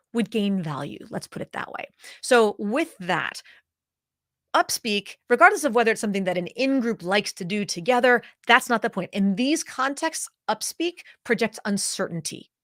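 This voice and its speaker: A woman executive voice coach giving an emphatic, deliberate presentation to leaders, demonstrating vocal habits as she goes. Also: medium pitch, a bit bright, no echo, clean studio sound.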